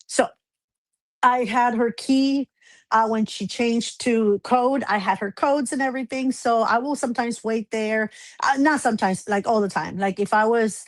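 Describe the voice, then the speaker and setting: A woman's voice: on the high side, normal speed, no echo. Rambling woman in her forties telling a story. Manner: rambling personal storytelling with many fillers. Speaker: guest. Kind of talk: casual chat.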